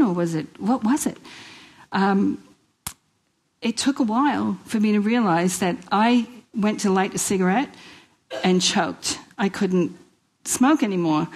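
A middle-aged woman from New York tells her own story to a church gathering, her accent plain in every line. She speaks earnestly and with feeling, pausing and restarting as she goes. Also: medium pitch, a little mellow, rough recording. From New York, USA. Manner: emotional, earnest, with hesitations. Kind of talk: personal testimony talk.

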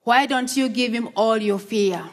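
A woman preaching a sermon in a slow, earnest, encouraging way, often asking questions of her listeners. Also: a little high. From Australia.

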